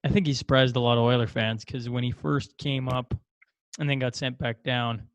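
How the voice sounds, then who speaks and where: A man hosting a podcast, asking eager, excited questions in casual chat. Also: medium pitch, moderate pace, no echo. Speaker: podcast host. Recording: dull lo-fi sound, dry.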